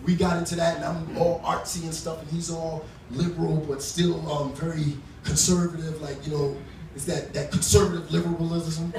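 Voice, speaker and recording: A man telling stand-up stories in a loose, chatty way, tripping into restarts and fillers. His voice sits a little high. It comes from a distant mic in a very echoey small club, with plenty of room noise behind him. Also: little pitch movement, moderate pace, creaky, a little mellow. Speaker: stand-up comedian. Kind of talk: live stand-up storytelling. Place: small club stage, live audience.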